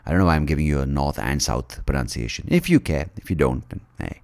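A man's voice: very deep voice, very animated, a little fast, creaky. A man telling a story as a comic monologue, rambling, irreverent and full of jokes. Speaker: podcast guest.

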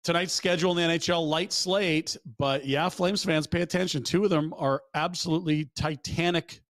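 A man's voice: a little high, fairly even intonation, moderate pace, fairly bright tone, dry recording. A man hosting a casual hockey talk show from a studio, brash and joking, swearing freely and laughing often. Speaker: sports radio host. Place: broadcast studio.

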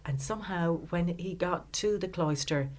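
A woman speaking as an interview guest, telling a story in a halting, heartfelt way with many fillers. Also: on the low side, darkish tone. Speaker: author guest. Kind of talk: conversational interview.

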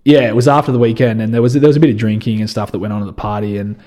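Mellow-voiced young Australian man. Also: on the low side, rapid-fire. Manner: relaxed and conversational, often says "you know" and restarts phrases. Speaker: interview guest. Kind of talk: reflective personal storytelling.

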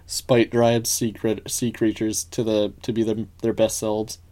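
A podcast co-host in casual chat who laughs often and throws in quick jokey asides. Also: mid-range voice, little pitch movement, mellow.

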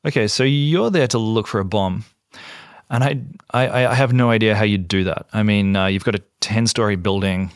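An Australian man hosting a podcast, telling a story in a relaxed, conversational way with fillers and restarts. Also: fairly low pitch, normal speed, clear, resonant tone, no room sound, studio quality. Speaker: podcast host. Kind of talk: casual storytelling narration.

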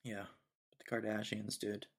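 A man's voice: on the low side, monotone, unhurried, gravelly. A young man hosting a casual solo podcast, ranting sarcastically and laughing often. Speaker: podcast host.

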